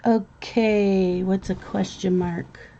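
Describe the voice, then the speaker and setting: A woman's voice: medium pitch, fairly even intonation, slow pace, creaky, dark tone, lo-fi sound, a little hiss or hum. A woman hosting a casual live stream, chatting with viewers and calling to her pets.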